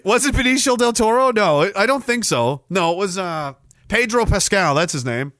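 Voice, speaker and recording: A man's voice: high voice, lively intonation, moderate pace, a bit bright, dry recording, clean studio sound. A man hosting a live show and reading chat, rambling and swearing, with sudden bursts of mock outrage. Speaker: podcast host reading chat. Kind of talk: casual livestream chat.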